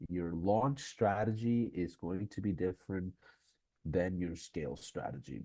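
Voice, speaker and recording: A man's voice: sits low, mellow, slightly rough, dry recording. Congested man hosting a live stream. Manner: chatty, with many fillers and restarts. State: congested, nasal from a cold. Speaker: host of a live-streamed course session. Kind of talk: casual live-stream talk to viewers. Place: conference venue.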